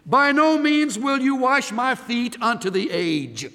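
A preacher playing indignant disciple Peter. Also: male voice, very high voice, very animated, slow pace, bright, forceful tone, long reverb tail, voice pushed up, full character voice. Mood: emphatic. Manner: emphatic, indignant protests. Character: proud impulsive male disciple Peter.

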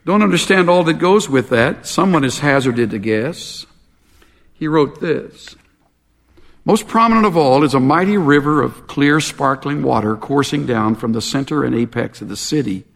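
A man preaching a sermon in an earnest, measured way, dropping low for emphasis. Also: animated, vocal fry, in a large hall. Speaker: pastor.

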